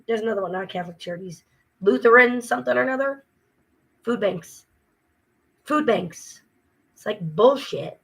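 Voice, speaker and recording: A woman's voice: on the high side, normal speed, gravelly, long pauses, husky, low-quality recording. An exhausted woman talking casually to her viewers, weary and frustrated, venting with mocking asides. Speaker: vlogger. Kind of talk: casual talk to camera.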